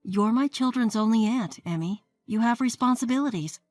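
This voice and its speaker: A woman's voice: on the high side, normal speed, a little mellow, no echo, soft background music, voice pushed up, natural voice. A woman voicing a pushy, sarcastic sister-in-law who talks in a righteous, demanding way. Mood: scolding. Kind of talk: scripted story narration.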